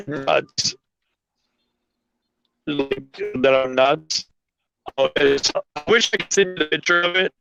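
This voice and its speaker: Gravelly excited man on a lo-fi call. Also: a little high. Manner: excited, rambling, laughs while talking. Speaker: guest homesteader. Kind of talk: casual live-stream chat. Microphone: video call. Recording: muffled lo-fi call audio.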